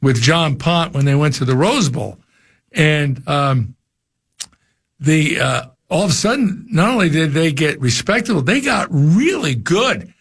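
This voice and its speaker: A man's voice: fairly high pitch, big pitch swings, a little slow, creaky, slightly rough. An older man from New Jersey, a former coach, chatting casually on sports radio and often repeating his first words. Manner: rambling, repeats words when starting thoughts. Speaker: former college football coach, guest.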